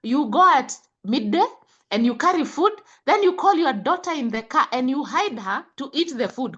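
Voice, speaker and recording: A woman's voice: high-pitched, very animated, moderate pace, fairly bright tone, dull audio. A middle-aged woman with a Kenyan accent, a health coach who lectures parents with scolding rhetorical questions. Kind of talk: impassioned talk.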